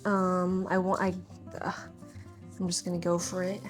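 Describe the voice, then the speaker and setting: A woman's voice: on the low side, completely flat delivery, normal speed, music in the background. A young woman chatting casually to camera while baking in her home kitchen, talking to herself and a bit flustered. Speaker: home baker vlogger. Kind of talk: casual baking vlog chat.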